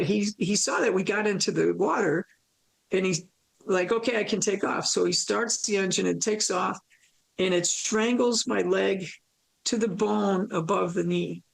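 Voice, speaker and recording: A woman recounting a near-death experience in an interview, animated and storytelling, acting out her own thoughts and laughing often. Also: medium pitch, creaky, slightly rough, low-quality recording.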